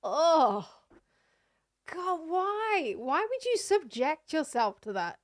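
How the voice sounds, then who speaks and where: High, lively woman streamer. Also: unhurried. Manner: laughs often, loud disgusted exclamations. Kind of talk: casual livestream chat reacting to videos.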